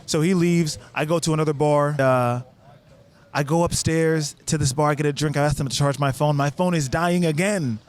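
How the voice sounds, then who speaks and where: A man from the United States casually telling a travel story, with many swings between low, quiet asides and high, excited bursts. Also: normal speed. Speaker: vlogger recounting a trip.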